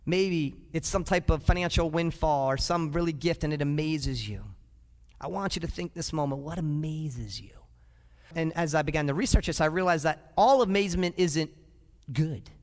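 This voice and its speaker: A man with a high voice preaches a sermon as a pastor, speaking in a lively way and often asking questions of his listeners. His voice rings out with a long reverb in a large hall. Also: normal speed. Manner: lively, asks the congregation questions.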